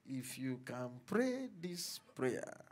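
A man's voice: medium pitch, sing-song, slow pace, darkish tone. A man, a pastor leading a church congregation in fervent, repetitive prayer. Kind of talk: sermon prayer session. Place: church hall.

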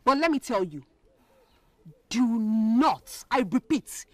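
A woman's voice: fairly high pitch, very animated, takes it slowly, no echo. An actress with a Nigerian accent playing a defiant wife who talks rudely and insults those around her. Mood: scornful. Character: defiant young wife scorning her husband. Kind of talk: Nollywood film acting.

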